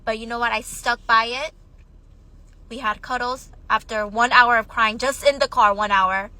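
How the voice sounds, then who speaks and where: Tearful young mom, bright and forceful. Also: female voice, fairly high pitch, fairly even intonation, normal speed, dry recording, low-quality recording. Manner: tearful, shaky, on the verge of crying. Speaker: mother of young children. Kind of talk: emotional personal storytime.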